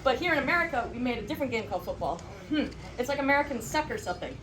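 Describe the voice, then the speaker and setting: A woman hosting a live convention panel, energetically narrating improv prompts and shouting cues to the performers. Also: high-pitched, big pitch swings, a little fast. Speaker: panel host. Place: large indoor convention panel room. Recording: far from the mic in a crowded, noisy hall.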